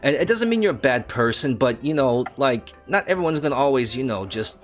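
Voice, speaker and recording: A man narrating as dungeon master, halting and rambling, often laughing. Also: mid-range voice, expressive, faint music behind. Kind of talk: narrating a tabletop game.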